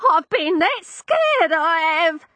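A woman voicing a tearful, fretful old deaf landlady, crying out high, drawn-out words. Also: very animated, bright, forceful tone, dry recording, heavily acted.

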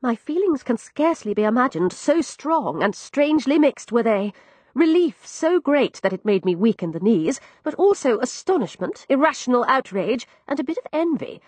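A woman narrating a story in the first person with wry, expressive delivery. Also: high-pitched, moderate pace, slightly rough, no room sound. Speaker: audiobook narrator.

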